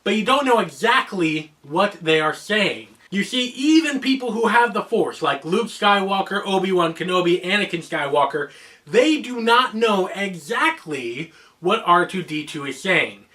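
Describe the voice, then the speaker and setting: A man's voice: high-pitched, lively intonation, measured pace, sharp tone, distant mic. An American man from Oregon hosting a casual explainer video in a playful, joking way. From United States (Oregon). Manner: playful, joking, shifts into voices for examples. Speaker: host.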